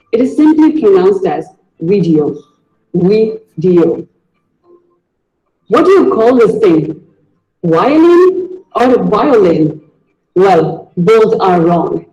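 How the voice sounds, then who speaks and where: A pronunciation teacher with a high, slightly mellow voice gives a video lesson, speaking slowly and carefully and repeating each word as a drill. His voice rings in an echoey room, and the audio is dull.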